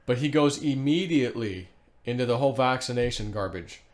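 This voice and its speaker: A man's voice: mid-range voice, a little fast. Rambling man talking to camera. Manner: rambling, animated, laughs to himself, frequent fillers. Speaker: vlogger. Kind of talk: casual solo commentary reading social posts aloud.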